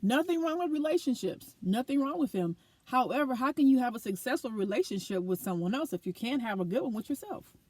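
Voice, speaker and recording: A woman's voice: on the high side, animated, fairly quick, few pauses, darkish tone, no room sound. A woman talking earnestly and animatedly to her camera in a personal vlog, reflecting on her life. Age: adult with a school-age daughter. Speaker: vlogger.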